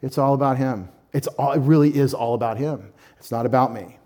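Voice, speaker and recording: A man's voice: mid-range voice, a little fast, dark tone. A middle-aged man preaching an emphatic Bible-teaching sermon, asking his listeners questions and acting out short imagined replies. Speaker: pastor teaching scripture.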